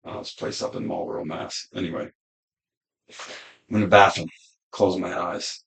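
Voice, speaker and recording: A man's voice: deep voice, steady tone, normal speed, vocal fry, fairly bright tone, husky. A man in his fifties talking as a podcast guest in a laid-back, rambling way, swearing freely as he muses about life. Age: 50s. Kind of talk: casual conversation, philosophical storytelling.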